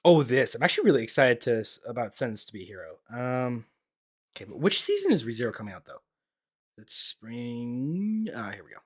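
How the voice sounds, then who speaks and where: A man's voice: mid-range voice, sing-song, brisk. A young man giving casual reaction commentary as an anime YouTuber, blunt and profane, rambling with lots of fillers.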